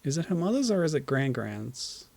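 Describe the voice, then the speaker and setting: A man's voice: a little high, very animated, normal speed, vocal fry, darkish tone, no room sound. A tired man in casual gameplay commentary, making wry, dry jokes and chuckling at the game. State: tired, low energy. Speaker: streamer.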